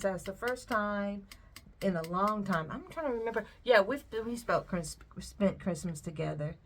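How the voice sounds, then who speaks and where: A middle-aged woman, chatting casually and laughing as she reminisces while she works on a craft. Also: mid-range voice. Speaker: vlogger. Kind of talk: casual chat while pouring paint.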